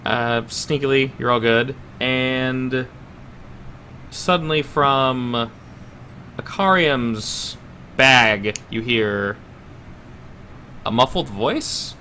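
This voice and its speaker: A man's voice: medium pitch, extremely slow, long pauses, pushed and bright, a little hiss or hum. A man narrating a tabletop game as game master, casual and searching for words.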